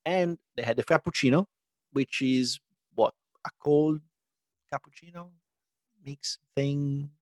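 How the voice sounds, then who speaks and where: A man's voice: on the high side, takes it slowly, long pauses, a little mellow, no echo, studio quality. A man in casual conversation, explaining his points thoughtfully and laughing easily. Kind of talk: casual chat.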